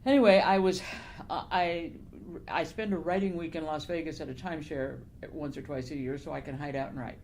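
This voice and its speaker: A woman's voice: low-pitched, fairly even intonation, brisk, a little mellow. An older woman author, talking in a casual interview, telling her stories with animation, laughing often and growing emotional. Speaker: novelist guest. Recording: faint background noise.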